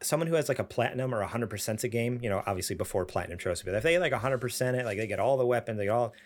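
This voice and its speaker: Male co-host, mid-pitched voice, rambling, laughs a lot. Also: racing. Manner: rambling storyteller, laughs often, many fillers. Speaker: podcast co-host. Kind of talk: casual chat.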